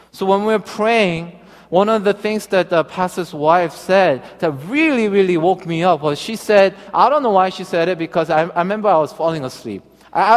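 A man, a pastor, preaching a sermon in an earnest, personal way, telling his own story and quoting scripture. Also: high voice. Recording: long hall reverb.

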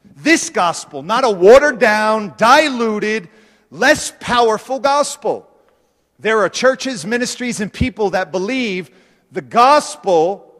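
A man's voice: high-pitched, fairly bright tone. A man preaching a sermon, emphatic and insistent, hammering home repeated phrases. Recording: long reverb of a large hall.

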